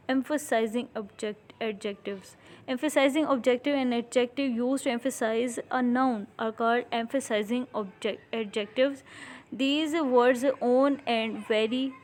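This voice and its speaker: Indian English female teacher, fairly high voice, steady reading of slides with halting restarts. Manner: reads rules and examples aloud, with halting restarts. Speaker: grammar teacher. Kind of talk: slide-based grammar lesson.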